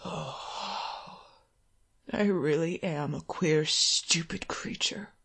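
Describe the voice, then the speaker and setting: A feverish, hungry middle-aged man mutters low and quiet to himself, as a reader puts him on for an audiobook story. The voice sits well below the reader's own, slow and gravelly, with a husky edge. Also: full character voice. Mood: weary muttering. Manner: low, muttering, self-reproaching. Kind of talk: audiobook reading of a short story.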